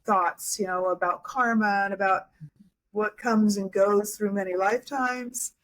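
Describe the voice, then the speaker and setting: Reflective woman, halting podcast guest. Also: medium pitch, fairly even intonation, fairly bright tone, low-quality recording. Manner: reflective, halting with many restarts and fillers. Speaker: guest hypnotherapist and life coach. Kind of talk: casual interview talk.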